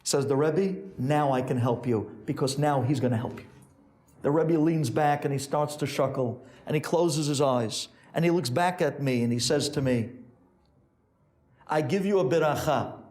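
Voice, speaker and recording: A man's voice: moderate pace, a little mellow. A man, a rabbi, telling a sermon story and acting out each character's voice. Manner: acts out characters with big pitch swings.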